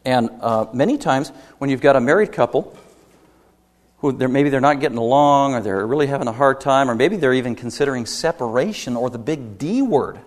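A man preaching a sermon as pastor, emphatic, rising to loud peaks and dropping low, with rhetorical questions to the congregation. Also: animated, brisk. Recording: long hall reverb.

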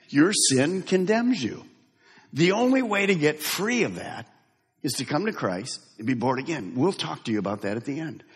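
A man's voice: a little high, husky, in a large hall. A man preaching a sermon as pastor, emphatic and direct, having the congregation repeat lines after him. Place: church sanctuary.

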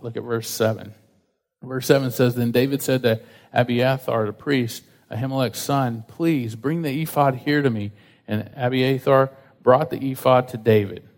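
A man preaching a sermon in a casual, conversational way, acting out quotes with lively voices. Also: mid-range voice, moderate pace. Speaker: pastor. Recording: reverberant hall.

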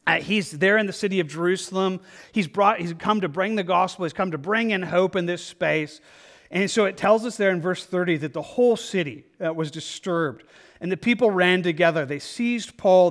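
A man's voice: high-pitched, fairly bright tone. A man preaching a conversational verse-by-verse sermon, full of fillers and repeated words. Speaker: pastor.

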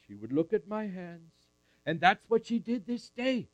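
A man's voice: sits high, sing-song, moderate pace, no echo. A man at a camp meeting, telling a Bible story in character in the first person and calling up audience volunteers. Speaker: camp speaker.

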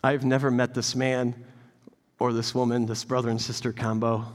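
Animated man preaching in a reverberant hall. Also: mid-range voice, normal speed. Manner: animated, swings from loud emphatic peaks to quiet intimate storytelling. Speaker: pastor. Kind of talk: sermon.

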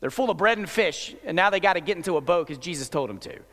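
A man's voice: high-pitched, animated, fast, fairly bright tone. A male pastor giving a sermon in a conversational preaching manner, often restarting his phrases. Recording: long hall reverb.

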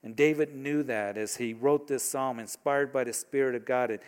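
A pastor delivering a sermon in a man's mid-pitched voice. He talks to his congregation in a relaxed, conversational way and often throws them rhetorical questions. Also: moderate pace, hardly any pauses, clean tone.

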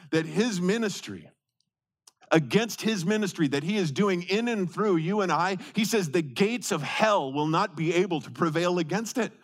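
A man preaching a sermon as pastor, repeating key words for stress and swinging between quick bursts and slow, drawn-out phrases. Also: sits high.

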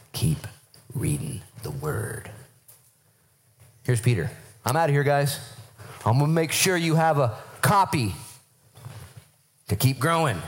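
A man's voice: lowish voice, a little hiss or hum. A man preaching a sermon to his church, acting out voices of Bible figures as he goes. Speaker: pastor.

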